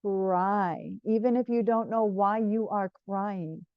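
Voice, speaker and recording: Gentle, soothing woman on a muffled call. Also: mid-range voice, fairly even intonation, measured pace, clear, resonant tone, no echo. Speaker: trauma healer guest. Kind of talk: guided explanation in an interview.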